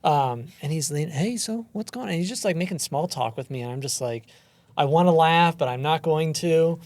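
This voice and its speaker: A man's voice: fairly high pitch, lively intonation, fairly quick, darkish tone. A man hosting a casual podcast, telling a self-deprecating story about his training days. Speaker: podcast host.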